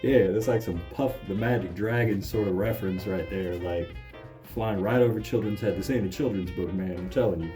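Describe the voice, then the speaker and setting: A man's voice: low voice, brisk, soft background music. A man reading a children's book aloud and breaking off into sarcastic, mocking commentary. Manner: deadpan, mocking asides. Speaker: comedic reader.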